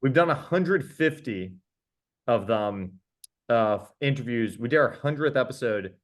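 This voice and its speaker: Enthusiastic male podcaster telling stories. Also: medium pitch. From New York. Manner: animated, enthusiastic storyteller with quick restarts. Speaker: podcast host being interviewed. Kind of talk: casual storytelling.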